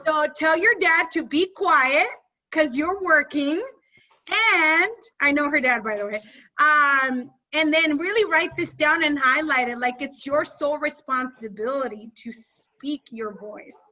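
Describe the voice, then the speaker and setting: A high, bright woman coach fires up her group with energetic, no-nonsense pep talk. Her voice comes through dull, lo-fi video call audio. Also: measured pace. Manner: energetic, rallying, talks straight to the group. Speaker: side hustle coach.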